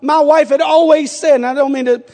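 A middle-aged man preaching a sermon, moving between quiet storytelling and shouted exhortation. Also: extremely high pitch, fairly even intonation, a little fast. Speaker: pastor. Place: church sanctuary. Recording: long church reverb.

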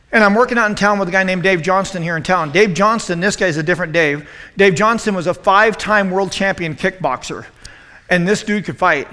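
A man in his forties with a high, bright voice gives a storytelling youth sermon. He acts out quotes with lively, self-deprecating humor. His voice rings in a long hall reverb. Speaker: youth pastor. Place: church youth room.

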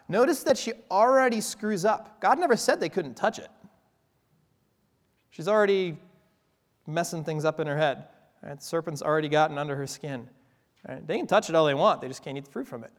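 Male pastor, high voice, conversational sermon, playful asides, long hall reverb. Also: animated, fairly quick, long pauses. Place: church.

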